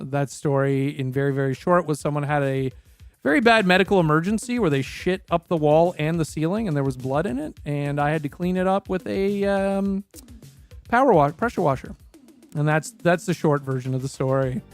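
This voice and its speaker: A man's voice: fairly high pitch, moderate pace, soft background music. A Canadian man in his thirties, chatting casually and rambling through his past jobs, swearing freely and correcting himself as he goes. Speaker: streamer.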